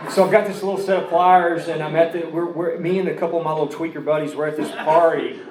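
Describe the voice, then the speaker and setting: A man's voice: fairly high pitch, fairly even intonation, fast, reverberant, crowd noise, rough recording. A man telling his personal recovery story in a rambling way, full of restarts and asides. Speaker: recovery speaker.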